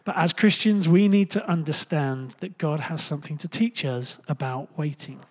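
A young man preaching in a loose, talky way, his voice sitting a little high for a man. He jokes with the room, trips over his words and corrects himself, then pushes on with the point. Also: moderate pace. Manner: chatty and jokey, full of fillers and self-corrections; animated, jumps into loud playful asides. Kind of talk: casual conversational sermon.

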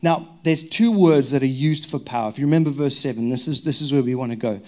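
A man from Zimbabwe with a Zimbabwean accent, a pastor giving a lively sermon with humorous stories. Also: medium pitch, quick pace. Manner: lively, humorous storytelling with prayer. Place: church hall.

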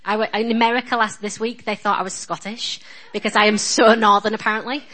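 A woman's voice: medium pitch, steady tone, quick pace, bright, forceful tone, low-quality recording. A woman in her thirties with a Northern English accent, giving a chatty, self-deprecating and earnest sermon as a guest speaker at a church. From England.

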